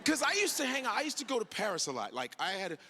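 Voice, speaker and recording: A man performing a stand-up comedy set on a club stage, acting out characters with sudden shouted outbursts. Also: high voice, racing, husky. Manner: animated, acts out characters with big shouted outbursts. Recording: live club recording with audience noise.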